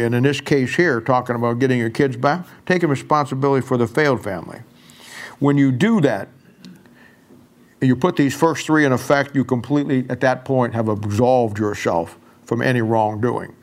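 An older man, a pastor, preaching a sermon in a folksy storytelling way and going soft and quiet when he quotes himself. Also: medium pitch.

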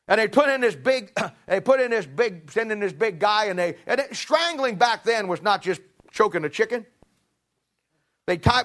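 Folksy high-voiced man preaching a sermon. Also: fairly bright tone. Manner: folksy, emphatic storytelling with rhetorical questions. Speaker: pastor.

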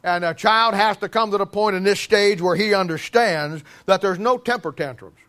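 A male preacher with a high voice delivers a sermon in an animated, joking way. He stammers over restarts and acts out little scenes as he goes. His tone is bright and forceful throughout. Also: normal speed.

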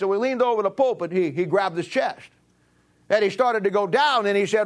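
A middle-aged man preaching a sermon, telling a personal story and swinging from emphatic peaks to low, quiet stretches. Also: brisk. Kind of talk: sermon testimony.

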